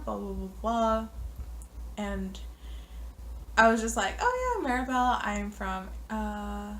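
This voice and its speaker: A young woman from the United States telling a story to the camera in a chatty way, heavy on fillers, now and then dropping into hushed asides. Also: medium pitch, a little slow, slight background noise. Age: young adult. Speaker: vlogger. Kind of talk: casual storytime.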